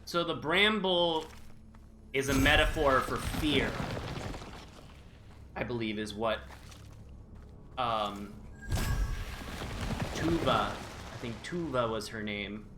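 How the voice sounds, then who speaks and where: Lively, unhurried male game streamer. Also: mid-range voice, background noise. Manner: jokey, nervous running self-talk. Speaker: streamer playing a video game. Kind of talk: live game-stream commentary. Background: game music.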